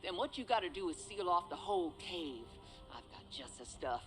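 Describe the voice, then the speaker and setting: An actress voicing a blunt, strong-willed female mercenary in a video game, talking in a gruff, bossy, sardonic way. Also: fairly low pitch, very animated, normal speed, a bit bright, faint music behind, rough recording. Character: tough, blunt woman survivalist mercenary.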